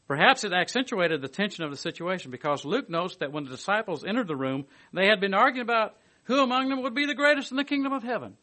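Male preacher, slightly higher pitch, reads commentary with asides, swings loud to hushed. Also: fast talker, few pauses. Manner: lively, swings from emphatic to hushed. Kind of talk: sermon.

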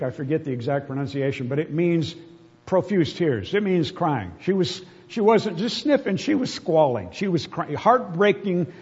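A man's voice: a little high, darkish tone, slightly rough. A man preaching a sermon, reading scripture aloud with earnest, emotional emphasis. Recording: dull reverberant hall.

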